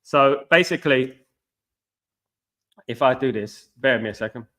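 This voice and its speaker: In an unhurried, bright and forceful mid-range voice, a middle-aged man from Britain chats with viewers of his football channel on a live stream. He rambles, repeats himself and keeps addressing them as guys.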